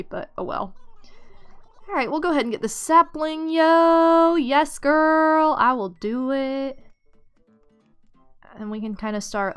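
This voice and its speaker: A woman's voice: medium pitch, clear, resonant tone. Bubbly woman chatting over gameplay. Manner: chatty and bubbly, squeals with excitement. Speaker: gaming channel host. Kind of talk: casual gameplay commentary.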